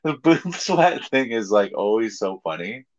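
A man's voice: fairly low pitch, very animated, measured pace. A man co-hosting a podcast in casual chat, rambling and laughing often. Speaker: podcast co-host. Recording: dull lo-fi sound.

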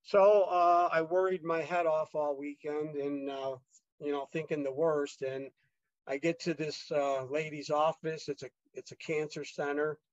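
A man guest with a fairly high voice tells his story in a casual, rambling way, stumbling over restarts and acting out what others said. The recording sounds dull and lo-fi, close and without room echo. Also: little pitch movement, a little slow. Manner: rambling, many fillers and restarts, re-enacts dialogue.

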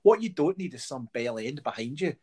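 A Scottish man in casual conversation who tells lively anecdotes and acts out other people's voices along the way. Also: mid-range voice, a little fast, slightly rough. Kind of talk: casual chat.

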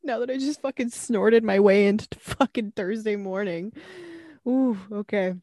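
A young woman from Canada co-hosting a casual podcast chat, swearing a lot and laughing loudly. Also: mid-range voice, moderate pace, no echo, studio quality. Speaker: podcast co-host.

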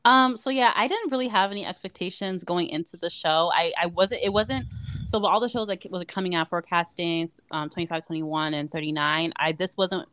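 A woman's voice: on the low side, fairly quick, a bit bright, clean tone, no room sound. A woman co-hosting a podcast in casual chat, talking in a gushing way with constant "like" fillers. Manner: chatty and gushing, heavy use of "like". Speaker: podcast co-host.

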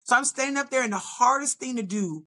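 A fast talker with a voice on the high side, the middle-aged woman is a bodybuilder guesting on a podcast. She narrates her story in a casual, animated style, acting out her reactions.

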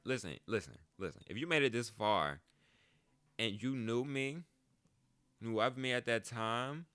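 A man's voice: fairly low pitch, sharp tone, clear, resonant tone, no echo. A man hosting a podcast, telling a story in a casual, joking monologue and swearing freely. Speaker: podcast host.

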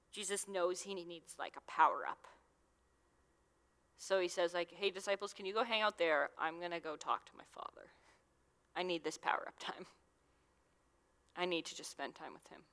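A young woman gives a relaxed, chatty sermon, talking to a youth group like friends. Her voice sits on the low side, and a long hall reverb trails after her words. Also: creaky. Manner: chatty, conversational, with many fillers. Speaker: youth minister. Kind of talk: casual sermon.

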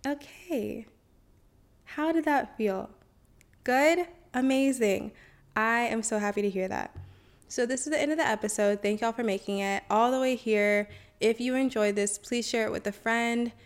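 A woman's voice: on the high side, moderate pace. A woman hosting a self-help podcast, chatty and encouraging, often saying y'all and okay. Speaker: podcast host.

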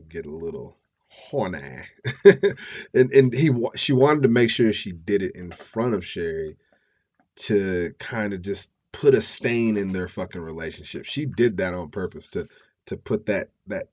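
Profane low-voiced storytelling man. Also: darkish tone, lo-fi sound. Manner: profane, slangy, chuckling asides. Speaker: podcast host. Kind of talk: casual true-crime storytelling.

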